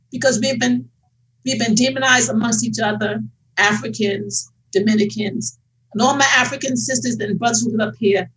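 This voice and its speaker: A woman's voice: on the high side, a bit bright, husky, rough recording. An older woman on a family video call speaking earnestly and emotionally about faith and her goals.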